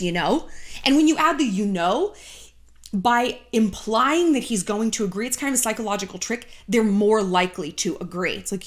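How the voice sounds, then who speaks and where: A woman's voice: medium pitch, a little fast. Blunt, sarcastic woman giving dating advice. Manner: blunt, sarcastic, profane, with animated mock voices. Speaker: YouTube dating advice host. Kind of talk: casual advice monologue to camera.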